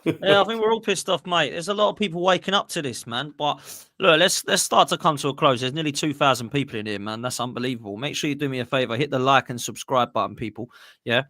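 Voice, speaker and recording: A man's voice: mid-range voice, pushed and bright, no room sound, studio quality. A man hosting a casual football livestream, brash and opinionated as he reads out viewer messages. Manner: brash, opinionated, rapid-fire. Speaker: show host reading viewer messages.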